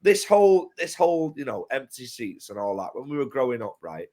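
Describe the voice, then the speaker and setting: A man chatting passionately as co-presenter, getting loud and emphatic. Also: mid-range voice, big pitch swings, a little fast. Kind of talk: casual chat.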